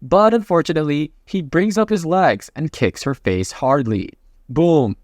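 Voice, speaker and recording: A man narrating a comic recap in a casual, jokey play-by-play with quick asides. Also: a little high, expressive, no room sound, studio quality.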